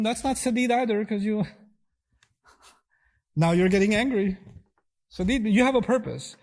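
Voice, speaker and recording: A man gives a religious lesson as a preacher, earnest and emphatic, stacking up lists of qualities and acting out back-and-forth exchanges in shifting voices. His voice sits a little high but stays mellow and warm. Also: unhurried, pauses often. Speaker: preacher and teacher.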